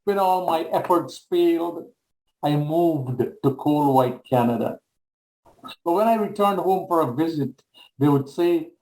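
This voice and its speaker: An older man from the Caribbean reads his poetry slowly, with a dark, mellow tone. Every line comes out measured and deliberate. His voice rings a little in an echoey room, heard over a video call. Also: on the high side. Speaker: guest poet. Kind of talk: poetry reading.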